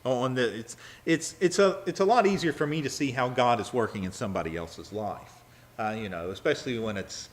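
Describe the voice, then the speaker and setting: A man's voice: medium pitch, slight background noise. A man teaching a Bible study sermon in a conversational way, with frequent fillers and restarts. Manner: halting, many fillers and restarts; acts out quoted lines with a raised, louder voice.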